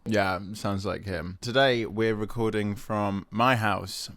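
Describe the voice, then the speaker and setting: A young man hosting a casual podcast from home. He speaks in a lowish voice and delivers his jokes in a flat, deadpan way. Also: takes it slowly, no echo. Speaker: podcast co-host. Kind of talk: casual chat. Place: his own house.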